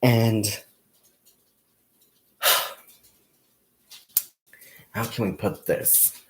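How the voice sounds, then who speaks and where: Drawing out his words in a lowish, slightly mellow voice, a young crafting channel host crochets on a casual livestream, counting stitches aloud. He laughs a lot while telling stories and calls viewers "you guys" and "y'all." There's slight background noise.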